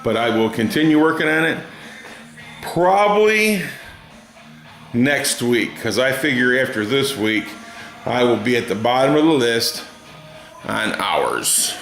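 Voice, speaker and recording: A man's voice: medium pitch, animated, a little slow, long pauses, fairly bright tone, reverberant, soft background music. A middle-aged man chatting casually and rambling through a story in his home garage, folksy and drawling. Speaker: garage hobbyist vlogger. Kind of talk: casual workshop chat.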